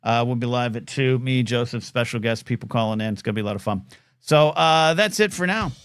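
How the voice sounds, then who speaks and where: A man hosts a live call-in show from his apartment, sounding low on energy and a little scattered. He rambles in a self-deprecating way and keeps breaking off to talk to his dog. His voice sits at an ordinary middle pitch, close on a desk mic with a dry sound. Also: steady tone, fairly quick, clear, resonant tone, no room sound. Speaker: host. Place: apartment at home. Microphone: desk microphone.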